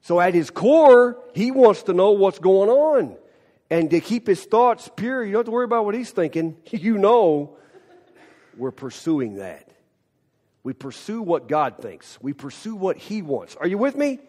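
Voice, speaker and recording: A male pastor delivers a sermon in a lively, chatty way, often turning to the congregation with quick questions and asides. His voice sits fairly high for a man. The long reverb of a church hall trails after his words. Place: church sanctuary.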